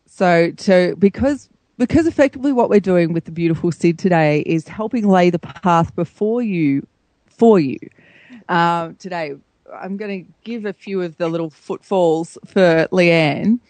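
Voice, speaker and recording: A woman's voice: fairly low pitch, measured pace, darkish tone, no room sound. A woman hosting a radio chat show, encouraging her guest in a slightly rambling way. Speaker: radio host.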